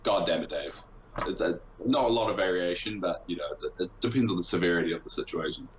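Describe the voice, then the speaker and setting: A man with a very low voice and an accent, chatting as a podcast guest. His sarcastic, self-deprecating manner comes through a dull, lo-fi mic. The room echoes around him, with faint ambience behind. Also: fast, slight background noise. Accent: non-local accent, origin unstated. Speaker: guest streamer. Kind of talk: casual podcast interview.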